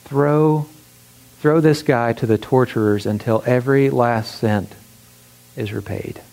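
A man's voice: medium pitch, measured pace, creaky, a little mellow. A man voicing a stern, wrathful king as he pronounces judgment on a debtor, in grave, commanding words. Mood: furious.

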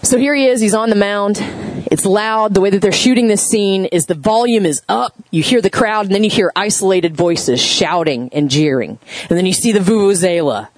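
A woman pastor giving a sermon, telling a story in a conversational, animated way and asking the audience questions. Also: mid-range voice, no room sound, low-quality recording.

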